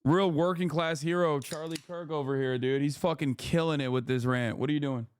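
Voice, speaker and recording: A man's voice: fairly high pitch, fairly even intonation, fairly quick, smooth. A man doing profane, sarcastic political commentary, reacting to clips. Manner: heated, sarcastic, swears a lot.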